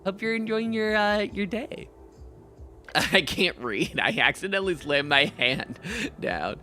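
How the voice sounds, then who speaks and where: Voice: mid-range voice, animated, a little slow, sharp tone, slight background noise. A streamer playing a role-playing game, chatting casually, laughing often and reading the game's dialogue aloud. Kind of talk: casual gameplay commentary, voicing characters.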